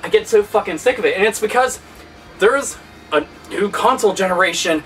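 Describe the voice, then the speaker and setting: A man's voice: high voice, expressive, fairly quick, a bit bright, distant mic. A man hosting a gaming video, delivering a heated, sarcastic, profanity-laced rant. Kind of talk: angry rant vlog.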